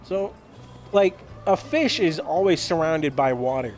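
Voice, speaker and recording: A man's voice: on the high side, lively intonation, unhurried, soft background music. A young man rambling in a goofy comedic monologue while gaming, often repeating and stumbling over his words. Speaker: gaming streamer.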